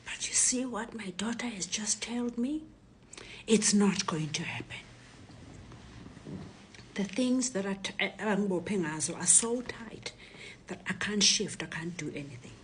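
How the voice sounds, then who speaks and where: A woman in her sixties with a South African accent, a retired professor telling her own story in a hushed, often whispery voice. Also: medium pitch, lively intonation, unhurried, long pauses, slight background noise. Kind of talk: personal testimony.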